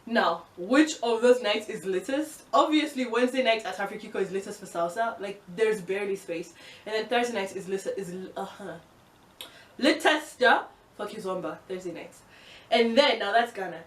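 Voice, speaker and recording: A young woman from Uganda chatting fast and excitedly in a casual vlog, given to exasperated, swearing rants. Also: mid-range voice, far from the mic, slight background noise. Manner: fast, excitable talker who speeds up. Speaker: vlogger. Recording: roomy, from the mic.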